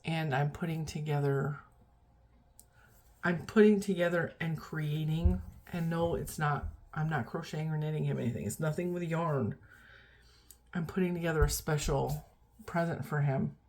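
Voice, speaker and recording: A woman's voice: sits low, normal speed, a little mellow. A middle-aged woman vlogging in a rambling, chatty, self-deprecating way, tired and yawning as she talks. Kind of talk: casual chat.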